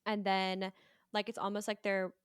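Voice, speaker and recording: Chatty woman with a smooth voice. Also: mid-range voice, monotone, moderate pace, dry recording, studio quality. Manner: chatty, heavy use of "like". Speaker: podcast panelist. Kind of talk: casual movie discussion.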